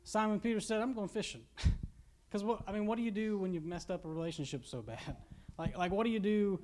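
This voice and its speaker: High-voiced young Kentucky pastor preaching. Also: male voice, brisk, darkish tone. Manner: casual, joking preaching with laughs and asides. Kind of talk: sermon.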